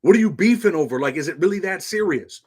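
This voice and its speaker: A man's voice: high-pitched, animated, fast talker, darkish tone, breathy edge. A middle-aged man hosting a casual livestream, talking loosely, saying "man" constantly and reading viewer comments aloud. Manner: loose, repeats "man" often, reads chat aloud. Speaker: livestream host.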